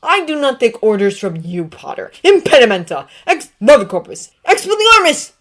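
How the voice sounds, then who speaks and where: A woman voicing a bitter, cornered teenage wizard who snarls and shouts defiance, in a read-aloud fan story. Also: a little high, big pitch swings, moderate pace, voice pushed up. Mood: defiant.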